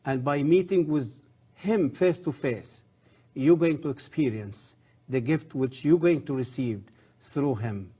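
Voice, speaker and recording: An earnest man, a former professor appearing as a guest on a religious TV interview, speaks in husky, halting non-native English with rising emphasis. His voice is mid-range with a dark tone.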